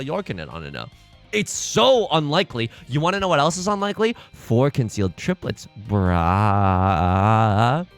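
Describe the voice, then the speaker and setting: A man's voice: sits high, gravelly, pushed and bright. A young man commentating his own game in a sarcastic, self-mocking way, with sudden theatrical outbursts. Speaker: let's play host.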